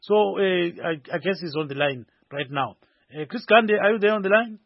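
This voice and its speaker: A male radio news host interviewing a reporter, speaking haltingly with many fillers. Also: high-pitched, creaky, husky, no echo, dull audio.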